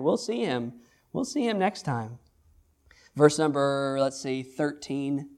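A male pastor delivering a sermon in a noticeably high voice. He talks with animated emphasis, stumbling and restarting words and driving points home through repetition.

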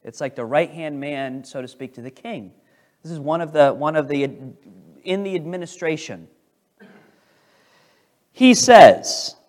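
A man preaching a sermon as pastor, animated, with restarts as he paraphrases scripture and swings between loud emphasis and quiet asides. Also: fairly high pitch, measured pace.

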